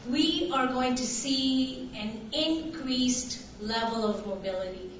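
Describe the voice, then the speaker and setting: A woman from Tanzania raised in Canada, giving a conference talk, slow and hesitant with many fillers. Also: high-pitched, a bit bright, a little hiss or hum. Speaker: conference speaker. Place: conference hall. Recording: distant, echoey, muffled hall recording.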